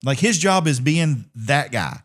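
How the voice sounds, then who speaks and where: A man's voice: a little high, a little slow, slight background noise. A man co-hosting a podcast, telling stories in casual chat and swearing freely. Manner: animated storytelling, swearing, laughing often. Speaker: podcast co-host.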